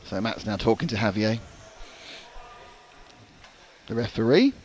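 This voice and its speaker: A man's voice: lowish voice, animated, darkish tone, a little hiss or hum. A man doing live race commentary, joking and teasing his co-host. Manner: jokey, quick, teasing. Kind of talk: live sport commentary with banter.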